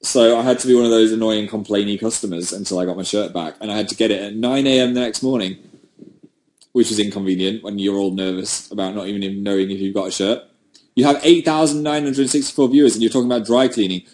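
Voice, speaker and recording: Talking fast in a lowish, darkish voice, a man livestreams from home and answers viewer comments over a webcam mic. He's casual, rambling, and quick to make fun of himself.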